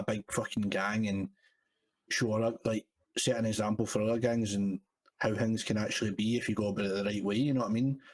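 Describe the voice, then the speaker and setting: A man's voice: fairly low pitch, breathy edge. A man chatting casually as a podcast guest, rambling and swearing. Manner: sweary, rambling, lots of "you know what I mean". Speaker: guest, server owner.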